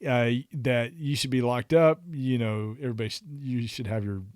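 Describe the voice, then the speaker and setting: A man's voice: medium pitch, steady tone, moderate pace, a little mellow, no echo, studio quality. A man from Texas co-hosting a podcast in casual chat, easygoing and laughing as he talks. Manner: easygoing, laughs while talking. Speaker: podcast co-host.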